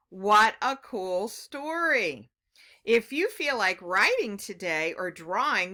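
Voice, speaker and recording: A woman reading a picture book aloud to young children, gently asking them questions as she goes. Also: fairly high pitch. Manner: gentle, encouraging, asks the listener questions. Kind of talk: read-aloud story lesson for kids.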